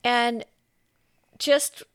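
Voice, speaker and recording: A woman's voice: on the high side, drawn-out words, smooth, no echo, clean studio sound. A woman guest telling her faith testimony in casual chat, acting out quotes as she goes. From California. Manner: animated storyteller, acts out quotes. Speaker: podcast guest.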